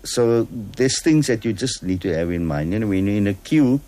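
A man with a low, mellow voice, talking patiently on a radio show. He explains step by step, stopping often to check that the listener follows. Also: expressive, fairly quick. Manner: patient, explains with examples and checks "all right?". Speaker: guest.

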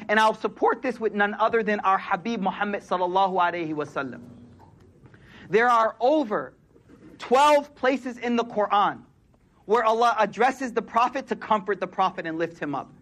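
High-voiced man preaching with casual slang. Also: fairly bright tone. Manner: casual street-slang delivery mixed with Arabic phrases; emphatic, repeats phrases for effect. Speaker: Islamic preacher. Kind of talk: sermon.

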